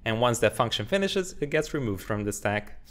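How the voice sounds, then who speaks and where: A young man in his twenties gives a casual, joking coding tutorial, upbeat as he explains his code while typing. His voice is medium-pitched, fairly bright, very animated and brisk, recorded on a studio condenser mic.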